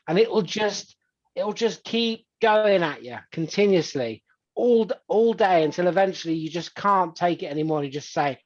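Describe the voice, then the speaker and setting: A man's voice: on the high side, brisk, muffled recording. A man talking casually as an interview guest, full of "you know" fillers and restarts. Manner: chatty, many "you know" fillers and restarts, acts out quoted voices. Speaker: hypnotist guest. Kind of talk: conversational interview answers.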